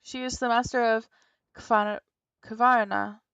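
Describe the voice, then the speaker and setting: A proud, grandiose spirit guardian holds forth in pompous, theatrical formal speech, as a woman puts her on while playing a game. The voice sits fairly high. It is recorded dry, with a dull, lo-fi tone. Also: fairly even intonation, unhurried, gravelly, a bit bright, clear, resonant tone, dry recording.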